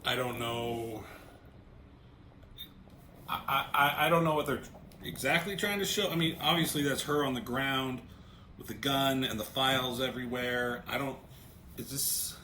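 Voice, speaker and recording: Bright-voiced man in an echoey room. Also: mid-range voice. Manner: talks through pages, reading panel lines aloud; hesitant, repeats words when starting thoughts. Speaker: comic book reviewer. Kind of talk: casual review walkthrough. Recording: roomy echo, faint ambient noise.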